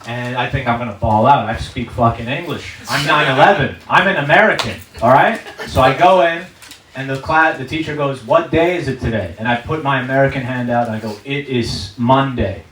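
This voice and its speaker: A brash man in his thirties on a comedy stage, telling profane stories at a punchy beat, with his voice at a middle pitch. The recording is roomy, with noticeable echo. He sounds a little far from the mic, with steady background noise behind him. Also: brisk. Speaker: stand-up comedian. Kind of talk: stand-up comedy set. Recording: echoey room, mic from a distance, background noise.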